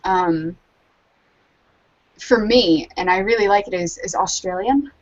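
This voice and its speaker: Woman, casual rambling podcast guest, medium pitch, lo-fi call audio. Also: unhurried. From Charleston, South Carolina, US. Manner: chatty, rambling, full of likes and ums. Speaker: guest artist.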